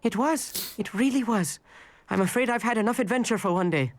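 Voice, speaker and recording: A man's voice: sits high, brisk, slight background noise. An actor playing a nervous, bookish young man in a video game, with a wordy, theatrical manner. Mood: fretful. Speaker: game character. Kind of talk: voiced game dialogue.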